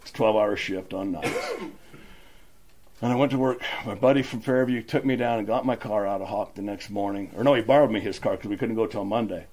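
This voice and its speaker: A man's voice: fairly low pitch, brisk, a little mellow, a little hiss or hum. A middle-aged man from Utah telling his recovery story at a meeting, rambling and acting out the dialogue. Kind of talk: personal recovery story, casual.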